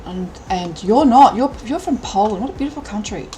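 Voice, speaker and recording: A middle-aged Australian woman chatting casually on a live stream, animated and thinking aloud. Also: mid-range voice, brisk, slight background noise, low-quality recording.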